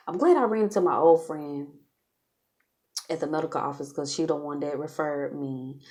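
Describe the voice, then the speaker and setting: A woman's voice: extremely low pitch, a little mellow. A woman vlogging in a casual, chatty way, talking straight to her viewers and laughing often. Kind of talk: casual storytelling vlog.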